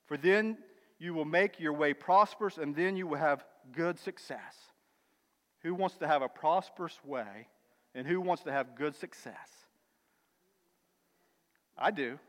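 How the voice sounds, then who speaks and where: A high-pitched man preaching in a church hall, his voice ringing with a long reverb. He swings between emphatic, swelling declarations and quiet, conversational asides, addressing the congregation as brother and sister. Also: unhurried, pauses often. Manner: emphatic, builds to loud declarations then drops to quiet asides. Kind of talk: sermon.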